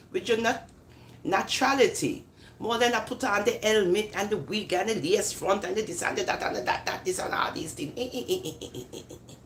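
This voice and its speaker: A woman's voice: on the low side, roomy sound, slight background noise. A woman chatting casually on a live stream, laughing often and switching between patois and standard speech. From born in England, raised in America. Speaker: live-stream host answering comments.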